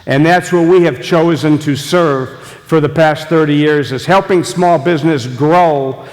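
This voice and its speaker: A man's voice: on the high side, unhurried, a little mellow. An older man giving a jokey, audience-engaging business talk as guest speaker at a meeting. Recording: long echoey hall reverb.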